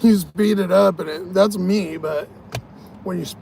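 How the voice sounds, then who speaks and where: A man's voice: sits high, a little slow, gravelly, crowd noise. Tired, profane man rambling on a vlog. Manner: profane, rambling, laughs at his own jokes. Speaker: vlogger. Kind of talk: casual rambling vlog talk.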